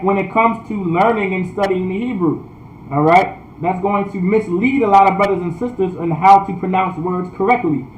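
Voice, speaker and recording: A man teaching a language class online, repeating points, often asking "all right?", and sounding out words slowly. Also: sits high, roomy sound, slight background noise, poor audio. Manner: repetitive, checks in with "all right?"; restarts sentences often. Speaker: priest.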